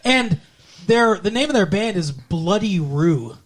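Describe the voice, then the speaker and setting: A man's voice: high-pitched, animated, unhurried. A man co-hosting a podcast, chatting casually about a TV episode, sarcastic and profane, breaking into sung lines and mock voices. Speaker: podcast co-host. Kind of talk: casual chat recapping a TV episode.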